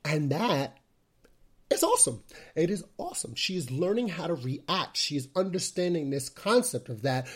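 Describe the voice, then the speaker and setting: A man hosts his own podcast in a relaxed, conversational way. He speaks with lively energy and a slightly raised pitch. His talk is loose and chatty, full of fillers and quick restarts. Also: husky. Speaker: podcast host. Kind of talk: casual solo podcast talk.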